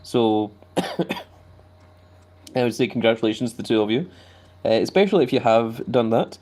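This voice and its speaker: A man hosting a live stream. He chats casually, fills his talk with hedges, and his pitch jumps up whenever he reads out viewer comments. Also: expressive, a little slow, a little mellow. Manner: hedging with many fillers.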